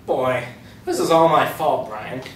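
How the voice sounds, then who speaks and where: An actor reading the part of a dim, boastful cartoon father with a loud, goofy manner in a script table read. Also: medium pitch, measured pace, lightly acted. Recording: roomy room, distant mic, faint hiss.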